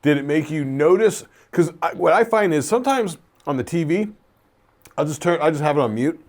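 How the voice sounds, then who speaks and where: A man co-hosting a podcast in casual chat, who rambles a bit and clears his throat often. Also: a little high, expressive, a little fast, darkish tone. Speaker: podcast co-host.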